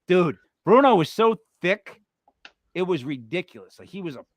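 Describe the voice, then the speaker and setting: A man with a New York Italian accent, co-hosting a casual chat with animated, joking talk. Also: high voice, brisk, no echo, studio quality. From Rhode Island. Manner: animated, talks over others, joking. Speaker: co-host.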